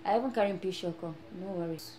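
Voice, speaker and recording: An actress playing a brash young Nigerian woman just arrived in America, speaking with a Nigerian Pidgin accent and boasting loudly. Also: lowish voice, rapid-fire, natural voice. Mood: pleading. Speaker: newly arrived immigrant. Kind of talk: film acting. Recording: echoey room, faint noise.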